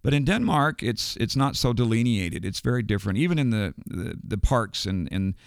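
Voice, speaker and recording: Older man, gravelly and smooth. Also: lowish voice, lively intonation, no echo, clean studio sound. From United States. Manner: halting, many ums and restarts. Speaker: guest, retired educator. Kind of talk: casual storytelling.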